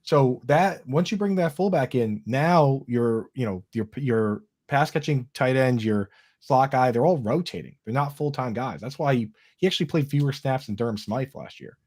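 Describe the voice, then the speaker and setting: Man, fantasy football analyst, mid-pitch voice, blunt and confident. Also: expressive, normal speed, darkish tone. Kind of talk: casual panel discussion.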